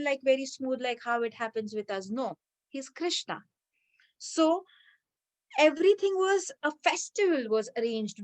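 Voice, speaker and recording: A woman retelling a devotional story to a class in a conversational, lively way. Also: high voice, dry recording.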